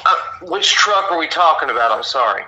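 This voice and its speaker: Confused man answering a call, very bright and sharp tone, fairly high voice. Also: animated, fairly quick, dull audio. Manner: confused, questioning. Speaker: prank call target. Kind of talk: phone conversation.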